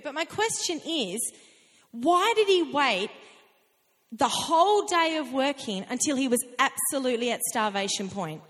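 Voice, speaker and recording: A woman preaching a sermon in a conversational, animated way, with laughing asides. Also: sits high, normal speed. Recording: long reverb of a hall.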